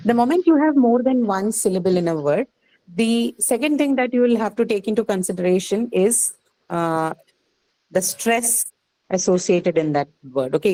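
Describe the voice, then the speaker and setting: A woman's voice: mid-range voice, warm tone, poor audio. A woman with an Indian English accent teaching phonetics in a classroom lecture, explaining step by step and checking understanding with frequent questions.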